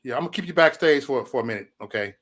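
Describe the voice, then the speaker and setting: Animated, swearing livestream host man. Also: mid-range voice, racing. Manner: loose rambling talk, profanity, frequent "man"; chuckles between remarks. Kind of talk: casual livestream chat.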